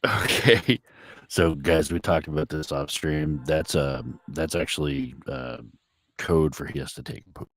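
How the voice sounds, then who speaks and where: Co-streamer, male, extremely deep, laid-back jokester, dry sound. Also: lively intonation, a little slow, dry recording. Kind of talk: casual stream chat.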